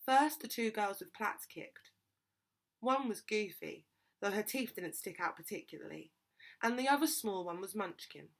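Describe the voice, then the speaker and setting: A woman reads a children's novel aloud. Her narration is steady and expressive, at a middling pitch. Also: normal speed, gravelly. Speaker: reader.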